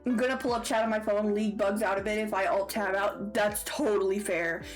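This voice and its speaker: A woman's voice: medium pitch, fairly even intonation, a little fast, soft background music. A woman with a Southern American accent chatting casually on a livestream, playful and giggly with squealy outbursts. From Southern United States. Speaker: streamer.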